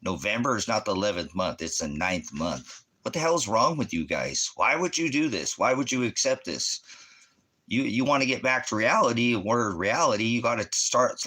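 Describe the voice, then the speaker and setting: A male preacher in a ranting monologue, with a lowish voice and a bright, forceful edge. He argues combatively and fires off one rhetorical question after another. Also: breathy edge.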